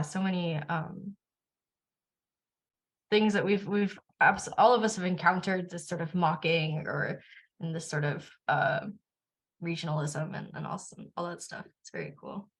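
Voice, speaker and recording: A woman's voice: lowish voice, normal speed, breathy edge. A woman from the United States giving a casual spoken response to a poem, thoughtful and searching for words as she talks. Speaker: featured artist responding to poets.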